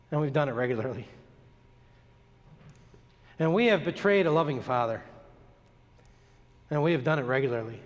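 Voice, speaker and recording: A man preaching a sermon, dropping his voice low on slow, emphatic lists and rising sharply as he presses each point. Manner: dramatic rises and drops, slow emphatic lists. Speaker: pastor. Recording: long hall reverb.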